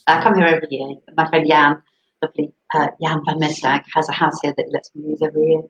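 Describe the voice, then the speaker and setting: Low-voiced woman on a roomy laptop mic. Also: fast talker, dull audio. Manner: relaxed, giggly. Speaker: guest. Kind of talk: casual chat on a video call. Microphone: laptop mic on a video call.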